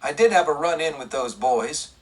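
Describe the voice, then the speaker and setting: Brief: man reading as a young western cowboy, low pleasant drawl, husky, a bit off-mic. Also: animated, moderate pace, far from the mic. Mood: polite. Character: drawling young male cowboy lawman, polite.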